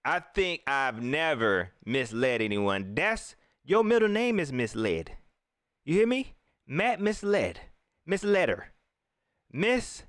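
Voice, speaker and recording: Animated, teasing male sports host. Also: high voice, no room sound, clean studio sound. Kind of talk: casual live-stream commentary.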